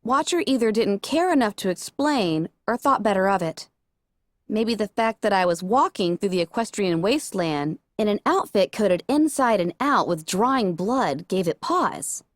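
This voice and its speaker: Woman narrating a story, voice goes up and down a lot, pretty high, dry close sound. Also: moderate pace, no echo. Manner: expressive, animated. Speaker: audiobook reader. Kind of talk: first-person story narration.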